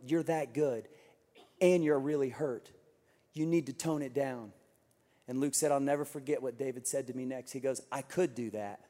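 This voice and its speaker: A man preaches to his congregation, acting out the voices of the people in his story with lively energy. His voice sits a little high for a man. The sound carries the long reverb of a large church auditorium. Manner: animated storytelling, acting out quotes. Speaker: pastor. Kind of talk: sermon.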